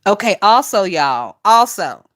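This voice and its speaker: Woman, gossip streamer, bright and punchy voice, swears freely, laughs a lot. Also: mid-range voice, big pitch swings, unhurried. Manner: chatty, profane, laughs often, talks to chat. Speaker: gossip channel host. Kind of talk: casual livestream gossip chat.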